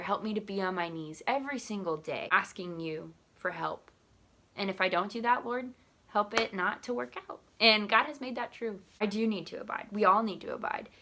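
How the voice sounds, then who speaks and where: A young woman who works in church ministry, telling a personal story to her vlog audience in a lively way and acting out the voices of the people in it. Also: medium pitch. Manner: animated, acts out quoted voices.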